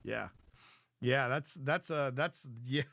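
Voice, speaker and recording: A man's voice: mid-range voice, takes it slowly, vocal fry, pushed and bright, no room sound. A man hosting a live paranormal show, reviewing footage with playful, chatty commentary and an easy laugh.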